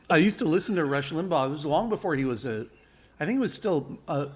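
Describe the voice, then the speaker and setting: A man's voice: a little high, very animated, normal speed, pauses often, breathy edge. Wry rambling man telling stories. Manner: wry, rambling storyteller with frequent laughs. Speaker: guest. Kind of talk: casual live chat.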